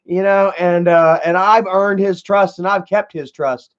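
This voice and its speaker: A man's voice: sits high, steady tone, measured pace, dull audio. A man live streaming in a loose, rambling way, swearing often and filling with "man" and "you know".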